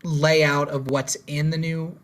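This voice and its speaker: A man's voice: on the high side, flat delivery, slow pace. A man co-hosting a podcast in casual chat, matter-of-fact as he relays news items. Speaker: podcast co-host.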